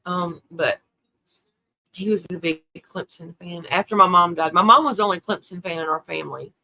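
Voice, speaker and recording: A woman's voice: on the low side, normal speed, creaky, sharp tone. An older woman, hosting a casual livestream, talking tearfully and answering viewer comments. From South Carolina. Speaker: livestream host.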